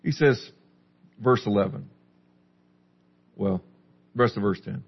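Pastor guy chatting through scripture with his group, raspy and a bit muffled. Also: lowish voice, slow pace. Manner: conversational teaching, asks the group questions. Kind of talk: sermon, Bible study.

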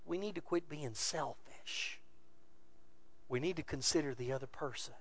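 Male pastor, high voice, earnest sermon delivery, shifting soft to loud. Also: normal speed. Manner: earnest exhorting preaching, swinging between soft and loud.

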